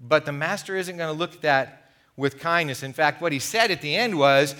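Bright-voiced preaching pastor. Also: male voice, fairly high pitch, normal speed. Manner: animated storytelling, acting out the parable's voices. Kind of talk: sermon. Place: church sanctuary.

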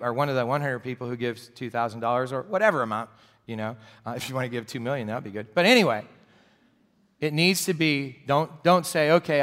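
A man's voice: medium pitch, fairly bright tone. A middle-aged man preaching a sermon as pastor, telling stories in a chatty, joking way. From New Jersey, US. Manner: conversational storytelling with humor. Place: church sanctuary. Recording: long hall reverb.

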